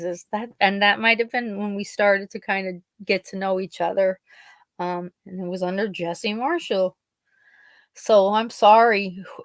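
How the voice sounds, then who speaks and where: A woman from Pennsylvania, USA, hosts a podcast in a medium-pitched voice on a dry recording. She chats casually with live listeners, telling rambling stories packed with quoted dialogue.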